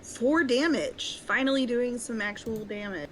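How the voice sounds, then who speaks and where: A woman's voice: a little high, measured pace, a crowd in the background, poor audio. A woman playing a tabletop game, talking casually and a little hesitantly, checking the rules with questions as she goes. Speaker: player.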